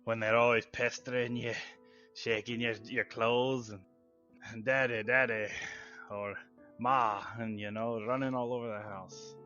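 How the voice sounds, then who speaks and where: A man's voice: mid-range voice, level tone, measured pace, pushed and bright, highs cut off, soft background music. A man playing a hearty jovial traveling father. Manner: hearty, laughing, calls people mate and lad. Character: middle-aged father leaving home, friendly and jovial.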